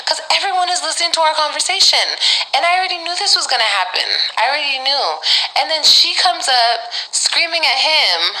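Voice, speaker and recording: A young woman casually telling a personal story to her viewers, animated and exasperated, with slang and direct asides. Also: a little high, normal speed, rough recording. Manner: animated, emphatic, exasperated retelling.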